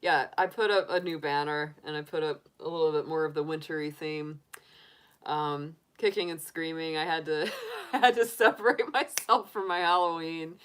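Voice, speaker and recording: A middle-aged woman with a low voice chats easily with her livestream viewers. She rambles warmly between topics, laughing often and restarting her sentences as she goes. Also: fairly even intonation, moderate pace, clean tone. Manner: chatty and giggly, with frequent laughs and restarts. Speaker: tarot reader livestream host. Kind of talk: casual chat answering live viewers.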